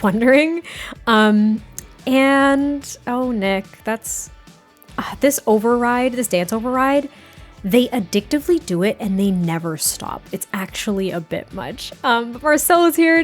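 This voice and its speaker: A woman hosting a gaming channel, chatting excitably through casual gameplay commentary. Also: mid-range voice. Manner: excitable, chatty, frequent laughs and repeats.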